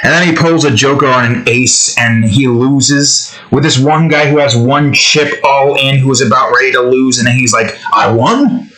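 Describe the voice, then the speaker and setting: A man chatting casually to his viewers while drawing, rambling from joke to joke. He curses freely and leans on fillers. His voice is bright and forward, sitting in an average pitch range. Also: steady tone, moderate pace, few pauses, low-quality recording. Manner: jokey, rambling, profane, many fillers. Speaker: channel host.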